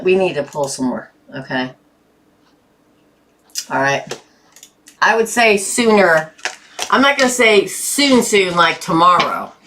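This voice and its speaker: A woman doing a live tarot reading, chatty and often breaking into laughter and excited bursts. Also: medium pitch, background noise. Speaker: tarot reader.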